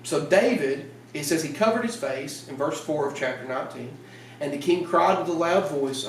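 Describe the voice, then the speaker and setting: A man preaching a casual evening sermon in a church, telling the story in a lively way and acting out the lines. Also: fairly high pitch, normal speed, slight background noise. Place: church sanctuary. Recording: roomy church sound from a distant mic.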